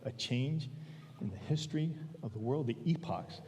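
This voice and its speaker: A man's voice: mid-range voice, animated, normal speed, warm tone, distant mic, slight background noise. A man preaching a sermon in a church, conversational, often checking in with "all right?". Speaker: guest preacher. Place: church sanctuary. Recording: long church hall reverb.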